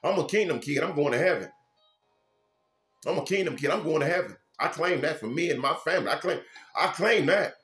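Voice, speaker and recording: A man, a minister, preaching an informal sermon with fervent, repetitive phrasing and sudden loud bursts. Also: on the high side, animated, fast, roomy sound, faint music behind.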